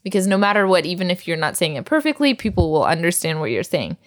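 A woman's voice: on the low side, big pitch swings, fast. A woman teaching a recorded language lesson, patiently drilling words and laughing often.

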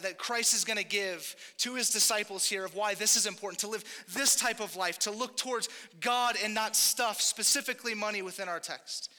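With a high-sitting, sharp-toned voice, a young man preaches casually and conversationally, making frequent asides to the congregation. He's a pastor, and the recording carries a long hall reverb.

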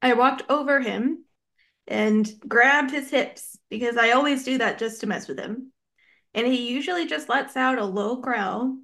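A woman's voice: fairly high pitch, vocal fry, fairly bright tone. A woman co-hosting a podcast in casual chat, reading stories aloud and giggling often. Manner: giggly, reads stories in an easy, unhurried way. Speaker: podcast co-host.

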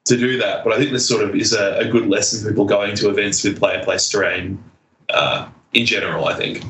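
A man's voice: lowish voice, steady tone, a little fast, a bit bright, a little hiss or hum. A man co-hosting a casual podcast chat, laid-back and teasing with frequent chuckles. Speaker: podcast co-host. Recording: roomy echo.

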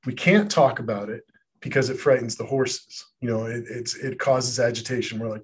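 A man's voice: medium pitch, a little fast, slightly rough. A man co-hosting a podcast on trades teaching, talking casually and with energy, often stopping to read quotes aloud. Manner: animated, reads quotes aloud, many restarts. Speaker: podcast co-host, educational developer. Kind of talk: casual conversational podcast chat.

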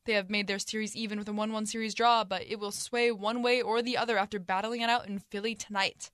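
A woman's voice: mid-range voice, little pitch movement, quick pace, a bit bright, clear, resonant tone, dry recording, clean studio sound. A teenage girl reading the sports update on a student radio show, upbeat and scripted.

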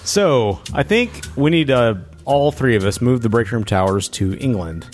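A man co-hosting a podcast, chatting casually and teasing his friends in lively banter. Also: mid-range voice, moderate pace, faint music behind. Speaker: podcast co-host. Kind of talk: casual chat.

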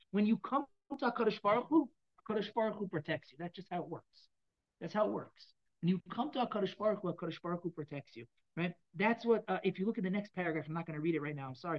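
Woman teaching a class in a muffled recording. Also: on the low side. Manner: explanatory, asks the class questions. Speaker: Torah teacher. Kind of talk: classroom text lesson.

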